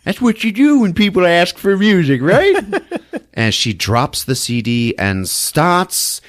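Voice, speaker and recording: A man's voice: high-pitched, takes it slowly, no room sound, clean studio sound. A man hosting a podcast, telling a film's plot in casual, profane, laughing style. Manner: laughing, animated, profane storytelling. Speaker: podcast host. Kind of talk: casual film recap.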